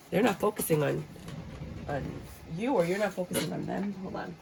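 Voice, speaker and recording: A woman doing a casual tarot reading, blunt and joking, acting out how people react in a lively way. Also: medium pitch, a little fast, creaky, noisy background. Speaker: tarot reader. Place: room with a squeaky chair.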